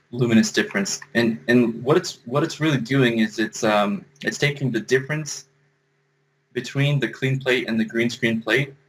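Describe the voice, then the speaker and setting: Man, compositing instructor, casual screen-share tutorial, step-by-step explanation, fairly low voice. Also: a little hiss or hum, rough recording. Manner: thinking aloud, explaining step by step.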